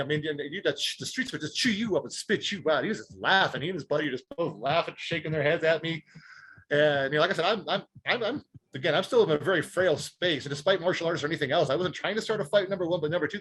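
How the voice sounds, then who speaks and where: Fast-talking husky man. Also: fairly high pitch. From Detroit, United States. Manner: animated, emphatic, repeats words when excited. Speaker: guest speaker. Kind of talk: personal storytelling in an interview.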